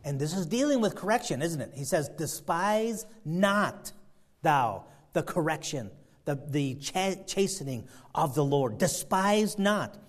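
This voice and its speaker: A man preaching a sermon, fervent, swinging between loud emphasis and quiet asides. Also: fairly high pitch, big pitch swings, normal speed. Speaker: pastor.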